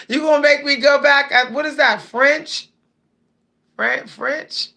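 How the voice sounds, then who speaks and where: A woman's voice: high voice, measured pace, gravelly, sharp tone. A woman with hosting a casual livestream, chatting and reading viewer comments aloud. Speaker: livestream host.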